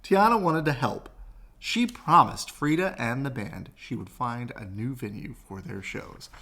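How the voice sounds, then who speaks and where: A man reads a children's picture book aloud at an unhurried pace. His voice climbs and dips in a lively sing-song. He sounds like a bedtime story reader. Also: mid-range voice. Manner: slow, expressive, sing-song rises and falls.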